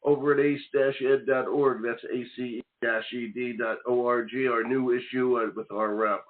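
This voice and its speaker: Chatty talk radio host, phone-like sound. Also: male voice, medium pitch, steady tone, moderate pace. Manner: chatty, rambling.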